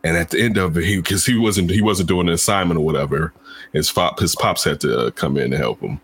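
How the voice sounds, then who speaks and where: A man who is a parent, telling stories in casual chat, acting out quotes in high voices and laughing often. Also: fairly quick, slightly rough.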